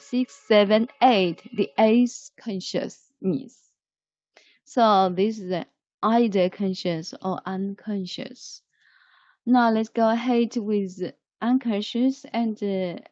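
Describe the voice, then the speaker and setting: Woman teacher for an online vocabulary lesson, very slow and patient, dry, dull lo-fi sound. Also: medium pitch, darkish tone, no echo. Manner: slow, repetitive, explains word by word.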